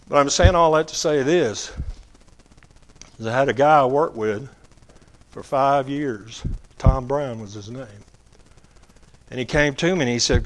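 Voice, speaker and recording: Male lay preacher, folksy testimony, mid pitch, drawn-out emphasis. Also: a bit bright. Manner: quotes others in acted voices. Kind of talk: testimony sermon.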